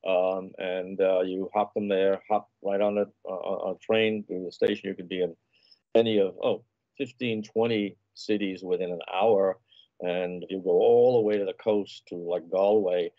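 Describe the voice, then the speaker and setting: A man's voice: sits low, steady tone, normal speed, dry recording, narrow, tinny audio. A man guest on an interview show, a food and travel writer telling leisurely, anecdotal stories in casual conversation.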